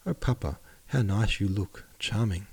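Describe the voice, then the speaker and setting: A man reading aloud, voicing an excited young girl who gives eager, bossy orders while dressing for a ball. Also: lowish voice, moderate pace, slightly rough. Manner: eager, bossy, breathless exclamations.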